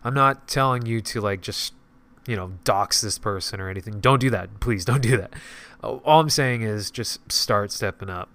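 A man hosting a casual solo podcast with a stuffy nose, talking in a halting way with lots of restarts. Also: lowish voice, fairly bright tone. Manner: halting, many fillers and restarts. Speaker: podcast host.

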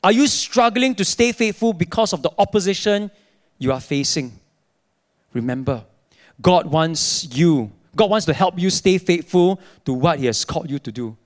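A young adult male pastor, preaching a sermon in an animated storytelling way. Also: high-pitched, normal speed. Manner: animated storytelling, acting out his own dialogue.

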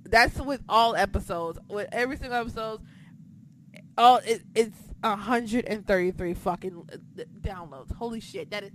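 A woman hosting a podcast, recapping in casual chat, excitable and profane, swinging between shouting and muttering. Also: mid-range voice, normal speed, slight background noise. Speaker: podcast host.

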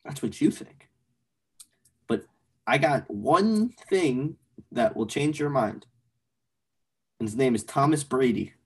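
A young man co-hosting a casual sports podcast, animated and blunt, swearing casually as he argues picks. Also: medium pitch, takes it slowly, pauses often, breathy edge. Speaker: podcast co-host.

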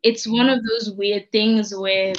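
Animated young woman telling stories, lo-fi. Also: medium pitch, slow. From grew up in South Africa, Congolese parents. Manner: animated storytelling, acts out quoted voices, frequent "like". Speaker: guest. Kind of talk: casual interview chat.

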